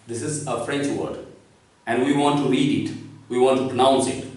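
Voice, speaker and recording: A man's voice: mid-range voice, fairly even intonation, moderate pace, a little mellow. A man teaching a lesson, explaining step by step and asking his own questions before he answers them. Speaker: French teacher. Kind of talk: classroom lesson. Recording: echoey room, far from the mic.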